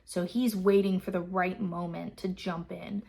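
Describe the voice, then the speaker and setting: A woman's voice: fairly low pitch, little pitch movement, unhurried, gravelly, mellow. A woman hosting a book club, casually recapping a chapter in a loose, filler-heavy way and swearing freely.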